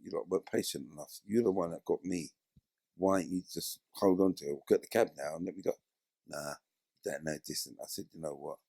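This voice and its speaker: A former footballer, interviewed casually, tells his story in a low, slightly rough voice with vocal fry, moving at a brisk clip. He's animated, acting out the voices of the people in his tales. The sound is studio quality with no room echo.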